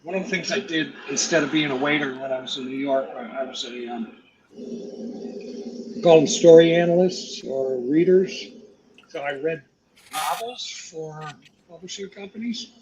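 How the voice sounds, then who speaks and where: An older man, a guest actor, telling profane, animated stories about his career to a live audience and acting out the quotes. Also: a little high, a little slow, noisy background. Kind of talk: anecdotal storytelling to a live audience.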